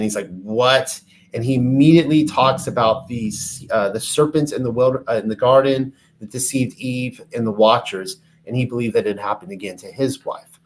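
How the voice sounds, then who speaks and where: A man teaching on ancient religious texts, reading passages aloud and then explaining them in a casual, filler-laden way. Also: medium pitch. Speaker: bible teacher.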